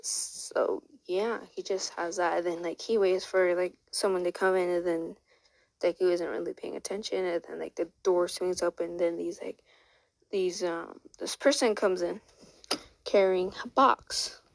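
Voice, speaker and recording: A woman's voice: on the low side, fairly even intonation, unhurried, gravelly, no echo, rough recording. A woman casually retelling a fan story, rambling with lots of fillers.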